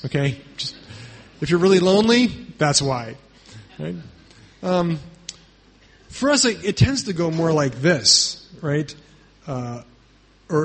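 A pastor with a slightly high, breathy-edged voice preaches a sermon conversationally. He keeps checking in with "right?" and, emphatic in manner, raises his voice to act out quotes.

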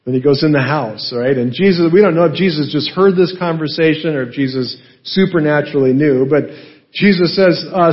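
A male pastor teaching a Bible passage in a relaxed, conversational way, asking rhetorical questions and often adding "right?". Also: a little high, normal speed, highs cut off.

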